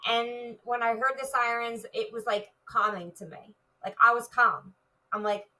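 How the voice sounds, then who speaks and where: Bright-voiced woman telling her story. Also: fairly high pitch, steady tone, unhurried, far from the mic, poor audio. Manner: vivid retelling with many "like" fillers. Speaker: retired police officer, guest. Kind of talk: personal story in an interview.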